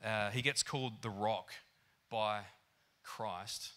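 A man preaching a sermon in an animated, conversational way, with lots of fillers. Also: lowish voice, slow pace. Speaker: pastor. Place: church hall.

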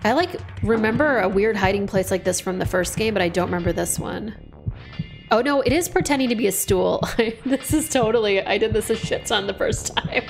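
Woman, game streamer, chatty, jokey, soft music in background. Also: mid-range voice, normal speed. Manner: chatty, joking, swaps swearing for "F word". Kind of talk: casual let's-play commentary.

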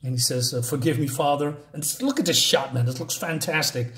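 A man's voice: on the high side, fairly quick, a bit bright. A man giving a casual comic book review, reading panels aloud, rambling with many fillers and restarts, enthusiastic about the artwork.

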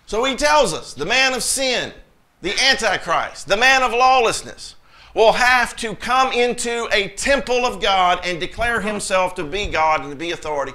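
A man preaching a sermon with a high, bright voice. He drives his points hard, breaking into sudden bursts. When he quotes scripture, his voice rises. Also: expressive, moderate pace. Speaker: pastor.

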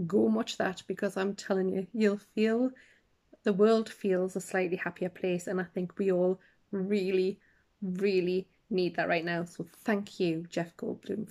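A woman's voice: fairly low pitch, creaky, warm tone. A middle-aged woman from the UK hosting a podcast, chatting casually and enthusiastically about shows she loves, rambling with asides. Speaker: podcast host. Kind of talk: casual chat reviewing shows.

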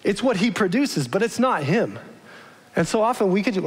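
A man's voice: high-pitched, very animated, moderate pace, slightly rough. A male pastor giving a casual, conversational sermon, often asking his congregation questions. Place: large church. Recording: long church-hall reverb.

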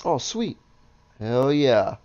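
A man playing a video game and commenting casually, excitable and swearing a lot as he talks to his viewers. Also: medium pitch, very slow, lo-fi sound. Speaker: gaming video host. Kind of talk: casual let's-play commentary.

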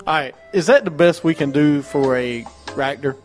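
A man's voice: a little high, moderate pace, loud music behind the voice. A man co-hosting a casual wrestling talk show, rattling off match cards and ranting with mocking disbelief. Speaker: podcast co-host.

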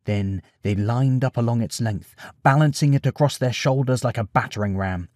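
Expressive male storyteller. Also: medium pitch, moderate pace, dry recording, clean studio sound. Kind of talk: bedtime story narration.

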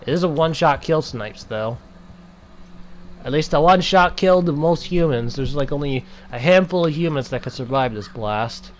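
A man's voice: on the high side, lively intonation. Playful man taunting through gameplay. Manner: playful, taunting enemies, drawn-out mock-dramatic shouts. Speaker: gameplay commentator. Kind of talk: gameplay commentary.

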